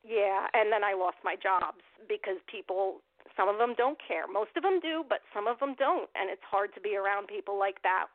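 A woman's voice: mid-range voice, normal speed, dry recording. Woman, interview guest over the phone, heartfelt, rambling, lots of ums, dry and tinny. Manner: emotional, rambling, many fillers and restarts. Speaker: guest, animal rights activist. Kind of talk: telling a personal story in an interview.

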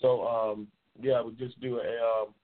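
A man's voice: medium pitch, level tone, measured pace. A man hosting a live call-in talk show, trash-talking and teasing callers with lots of cursing. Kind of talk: casual live call-in banter. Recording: tinny phone-line sound.

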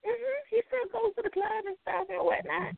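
A woman with a Southern US accent, chatting as a guest on a talk show and telling stories in an animated, drawling way. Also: very high-pitched, moderate pace, gravelly, over a noisy crowd. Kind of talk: casual chat. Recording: dry, phone-like sound.

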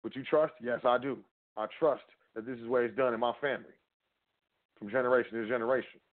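This trust law educator talks fast in a mid-range voice with fairly even intonation. His casual lecture rambles, full of self-answered questions and direct address to the listener. The audio sounds narrow, as if over a phone.

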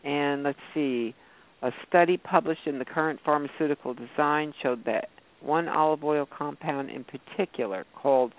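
A man hosting a casual health talk show, rambling through food lists with many fillers and restarts. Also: on the high side. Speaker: host. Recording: phone-like narrow sound.

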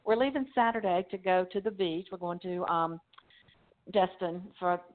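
Woman author guest, mid-pitched, rambling and easygoing, laughs easily, phone-line sound. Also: moderate pace. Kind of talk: casual interview chat. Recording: phone-line interview audio.

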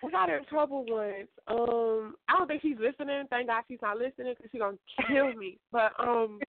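A woman guest author telling a story in a casual, animated way, laughing and acting out what others said. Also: a little high, normal speed, no echo. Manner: animated, laughing, acts out quoted voices. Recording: tinny phone line.

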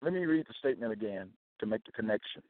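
A fast-talking man with a fairly low pitch and lively intonation gives a slow Bible teaching to camera. He is emphatic, repeats key phrases, and checks in with listeners often. The recording is echo-free, narrow, and tinny.

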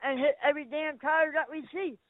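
A man's voice: very high voice, steady tone, brisk, no echo. A man calling in to a radio show, rambling and repeating himself. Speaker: caller. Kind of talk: casual phone call. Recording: tinny phone line.

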